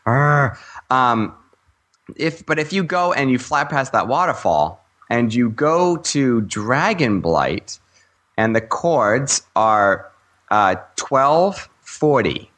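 A man's voice: mid-range voice, sing-song, slow pace, a bit bright. A man co-hosting a gaming podcast in casual chat, rambling with fillers and laughing often. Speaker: podcast co-host.

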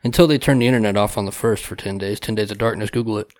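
A man's voice: lowish voice, very fast, a little mellow, no echo. A man co-hosting a podcast, blunt, crude and wry in casual chat. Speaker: podcast co-host.

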